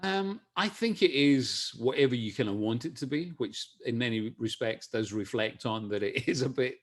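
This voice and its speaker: A man's voice: medium pitch, expressive, moderate pace. Chatty Scottish man, middle-aged. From Scotland. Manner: chatty, many restarts, laughs easily. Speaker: guest. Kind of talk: casual video-call interview.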